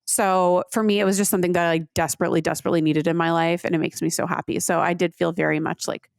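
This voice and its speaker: A woman's voice: fairly low pitch, flat delivery, quick pace, gravelly, dry recording. Chatty woman podcast co-host, dry studio sound. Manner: chatty storyteller, many "like" fillers. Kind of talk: casual chat.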